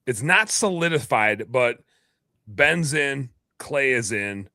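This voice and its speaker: A man's voice: mid-range voice, animated, slow, sharp tone, no room sound, clean studio sound. A man hosting a podcast, chatting casually and joking around, cursing freely. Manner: loose, joking, swears freely. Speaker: podcast host. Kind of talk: casual chat.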